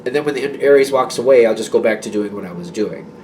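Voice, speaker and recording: A man's voice: mid-range voice, fast talker, warm tone, distant mic, a little hiss or hum. A man giving a casual tarot reading to his viewers, rambling and reassuring, with many fillers and restarts. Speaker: tarot reader.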